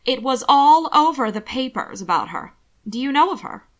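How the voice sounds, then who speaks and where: A woman's voice: high-pitched, sing-song, normal speed, voice pushed up. A woman doing an eager, gossipy society lady. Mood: coaxing, gossipy. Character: chatty gossiping noblewoman and mother.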